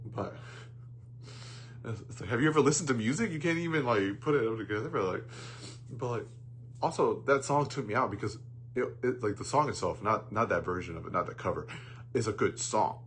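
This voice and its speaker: A man's voice: fairly low pitch, fairly quick, a little hiss or hum. A man ranting casually about a film, rambling and profane, with many fillers and restarts. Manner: bursts into loud mocking jokes. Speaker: movie reviewer. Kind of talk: casual rant.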